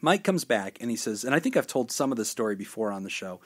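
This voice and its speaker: A male therapist hosting a podcast, telling a story in casual conversation at a rapid clip. His voice sits in a middle range. He is an animated storyteller who slips into the voices of the people he describes. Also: medium pitch, breathy edge.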